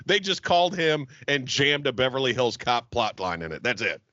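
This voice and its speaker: A man's voice: medium pitch, sing-song, normal speed, sharp tone, no echo, muffled recording. A man from Jacksonville co-hosting a casual podcast, ranting emphatically and swearing a lot. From Jacksonville, Florida. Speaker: podcast co-host. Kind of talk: casual profane podcast banter.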